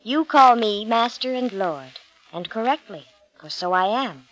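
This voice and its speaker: A woman reading a calm, solemn male teacher. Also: on the high side, unhurried, poor audio.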